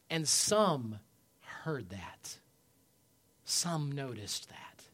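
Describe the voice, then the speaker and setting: Pastor guy preaching, slow and deliberate, gets loud then drops quiet, keeps asking for amens. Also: expressive. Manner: emphatic, rising to loud peaks then dropping low; asks the congregation for amens. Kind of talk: sermon.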